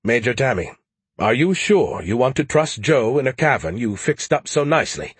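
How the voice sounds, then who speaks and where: A man's voice: mid-range voice, big pitch swings, moderate pace, breathy edge, no room sound. A man voicing a chatty, smug male artificial intelligence who teases with gleeful mockery. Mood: teasing. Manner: mocking, gleeful teasing.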